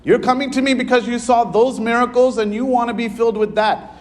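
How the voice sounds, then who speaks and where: Man, priest, high voice, earnest conversational sermon, church. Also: steady tone, fairly quick. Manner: earnest, conversational preaching with frequent "right?" asides.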